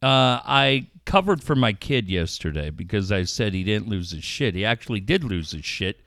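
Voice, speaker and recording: A middle-aged man telling a story in casual chat, animated and crude. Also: on the low side, moderate pace, creaky, no echo, studio quality.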